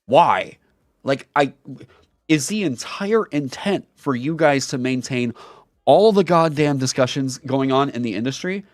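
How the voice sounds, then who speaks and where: A man's voice: medium pitch, expressive, a little slow, no echo, studio quality. A man on his own channel delivering an angry commentary rant, heated, profane and emphatic. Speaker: YouTuber and streamer.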